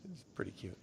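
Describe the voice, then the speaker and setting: A man hosting a casual TV review chat, laughing often and swearing freely. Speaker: show host.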